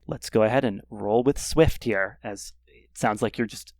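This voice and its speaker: A man running a tabletop game as game master, setting scenes in a descriptive, measured way. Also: lowish voice, a little mellow, no room sound.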